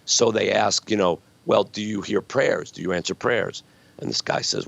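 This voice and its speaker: A man's voice: low voice, moderate pace, creaky. A man in his sixties, a guest author telling stories earnestly and reflectively in a conversational interview. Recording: dull lo-fi sound.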